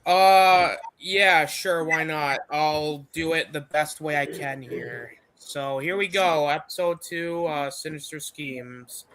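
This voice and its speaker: A man's voice: a little high, slow pace, hardly any pauses, fairly bright tone. A man co-hosting a casual review chat, retelling scenes in a rambling way with some swearing. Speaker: co-host.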